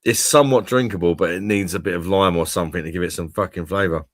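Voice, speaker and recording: A man's voice: low voice, fast talker, no echo, studio quality. A man hosting a casual live-stream chat, laid-back and sweary, laughing often. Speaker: host of a drinks review live stream.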